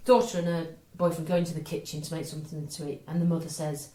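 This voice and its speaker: A middle-aged woman co-hosting a podcast, telling jokes with dry punchlines in a brisk manner. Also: sits low, steady tone, mellow. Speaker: podcast co-host. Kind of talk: casual chat, telling jokes. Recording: roomy echo.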